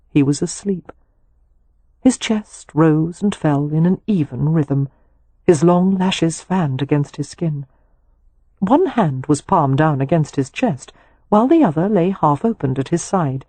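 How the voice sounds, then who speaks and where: Husky, dark-voiced woman narrating. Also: low-pitched, no room sound. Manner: measured, expressive reading. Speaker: audiobook narrator. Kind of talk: scripted narration of a romance novel.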